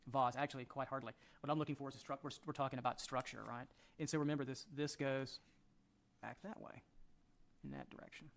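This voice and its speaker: A man teaching a drawing lesson, talking through each stroke as he sketches and often trailing off quietly. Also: medium pitch. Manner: relaxed, thinking aloud while sketching, often trailing off quietly. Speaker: drawing instructor.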